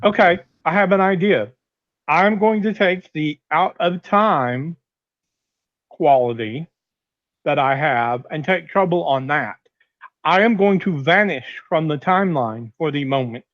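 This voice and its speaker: Male player, decisive and plain; a touch high, dry, lo-fi. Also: unhurried, dry recording. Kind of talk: tabletop game chat.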